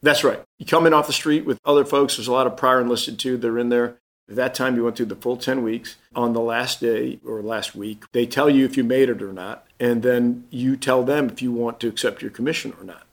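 A man's voice: medium pitch, steady tone, fairly quick. Man telling a story and acting out the voices. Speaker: guest. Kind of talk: casual storytelling.

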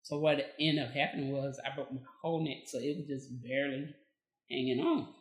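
This woman has a bass voice and talks a little fast in an echoey room. Originally from Texas, she's a podcast guest sharing her story in a relaxed, lively way, voicing other people's lines as she goes.

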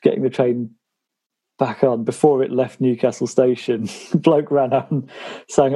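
A man's voice: mid-range voice, steady tone, unhurried, dark tone, husky. A man co-hosting a casual football podcast, telling anecdotes with frequent laughter. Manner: laughs through his anecdotes. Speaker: podcast co-host.

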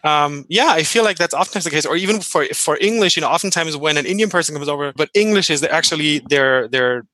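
Bright-voiced man with a German accent. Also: a little high, fast talker, no echo. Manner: thoughtful, rambling with restarts. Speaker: podcast co-host. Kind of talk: casual panel chat.

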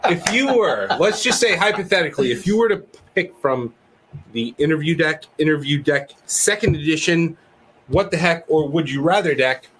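Teasing higher-voiced co-host. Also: male voice, expressive, normal speed, a bit bright, breathy edge, poor audio. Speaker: podcast co-host. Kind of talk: casual chat.

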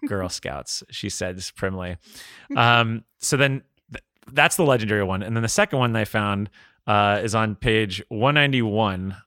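A man co-hosting a podcast, chatting casually and reading book passages aloud, animated and laughing often. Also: lowish voice, normal speed, dry recording, clean studio sound. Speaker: podcast co-host.

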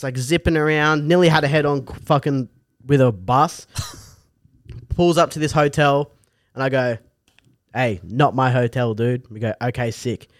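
A man's voice: medium pitch, no echo, clean studio sound. A young Australian man telling a crude, rowdy story in casual chat, full of swearing and laughter. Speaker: podcast co-host.

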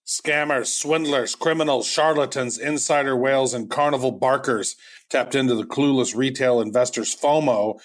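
A man's voice: mid-range voice, normal speed. Chatty male podcast co-host. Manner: chatty, rambling, with restarts. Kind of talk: casual podcast chat.

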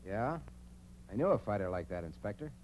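A man's voice: on the low side, big pitch swings, brisk, darkish tone, poor audio. An actor playing a tough male boxing trainer who barks orders, in 1940s radio acting. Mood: gruff. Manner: barking orders, gruff. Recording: old radio recording with crowd noise.

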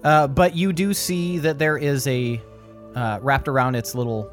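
A woman's voice: a bass voice, fairly even intonation, measured pace, soft background music. A woman narrating as game master of a tabletop game, laughing often as she describes the scene.

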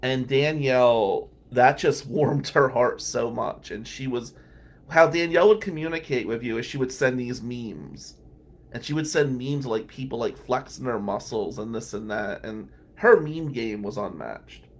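A man's voice: medium pitch, a little slow. A man from Atlantic City who is a criminal defense lawyer and podcast host, telling stories in a casual, rambling way and chuckling between remarks. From Atlantic City, New Jersey. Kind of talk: casual anecdotal storytelling.

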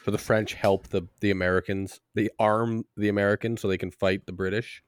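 A man's voice: lowish voice, level tone, brisk, clear, resonant tone, no room sound. A man co-hosting a podcast in casual chat, joking and riffing with silly voices. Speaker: podcast co-host.

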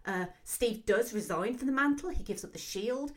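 Fast-talking woman, film commentary. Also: fairly high pitch. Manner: fast, excitable talker with many fillers. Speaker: film podcast host.

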